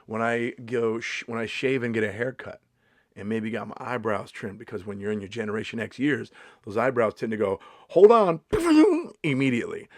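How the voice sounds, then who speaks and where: In a sarcastic, mock-indignant comedy vlog monologue, a man in his fifties swears freely as he riffs along. His pitch is an ordinary middle range, and the recording is dry and close with no room echo.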